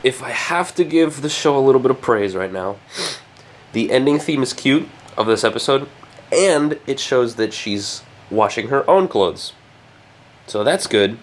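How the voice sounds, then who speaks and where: A man's voice: medium pitch, lively intonation, measured pace, slight background noise. A man giving casual, profane reaction commentary while watching an anime episode, often exasperated and sarcastic.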